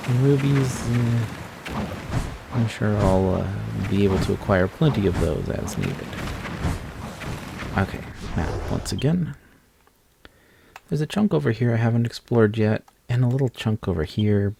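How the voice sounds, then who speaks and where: A tired American man giving relaxed, rambling commentary over his gameplay as the host of a gaming channel. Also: lowish voice, moderate pace, vocal fry, heavy background noise. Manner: relaxed, rambling, self-correcting. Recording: loud game sound effects behind voice.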